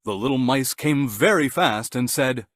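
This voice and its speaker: A man narrating a scripted children's bedtime story in an animated, gentle storytelling manner. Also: mid-range voice, unhurried, no echo, clean studio sound.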